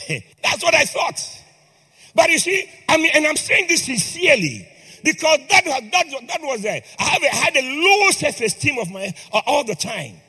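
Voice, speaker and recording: A man's voice: very high-pitched, very animated, moderate pace, pushed and bright. A man preaching a sermon in a church, impassioned and calling on the congregation to respond. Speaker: priest. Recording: long hall reverb with faint music.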